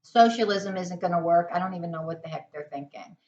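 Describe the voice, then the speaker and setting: A woman's voice: lowish voice, fast talker, a little mellow, dull audio. Indignant American woman vlogging opinions. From United States. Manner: indignant, emphatic, repetitive rhetorical questions. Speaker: political vlogger. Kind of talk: opinion monologue to camera.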